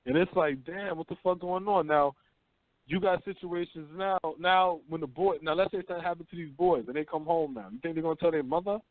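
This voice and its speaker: A man hosting a talk radio show, telling stories in rough, profane street slang. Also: fairly high pitch, fairly quick, no room sound. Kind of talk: casual talk radio chat. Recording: dry phone-line call-in audio.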